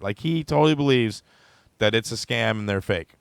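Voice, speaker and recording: A man's voice: lowish voice, animated, brisk, gravelly, clear, resonant tone, no echo, clean studio sound. A man co-hosting a casual talk show, bantering and laughing with his co-hosts. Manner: jokey, bantering, laughs often. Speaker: co-host. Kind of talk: casual chat.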